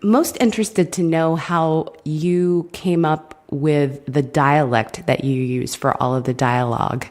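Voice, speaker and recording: A woman interviewing an author, asking long, measured questions. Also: low-pitched, fairly even intonation, a little mellow. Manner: measured, asks long questions with small stumbles. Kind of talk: radio interview.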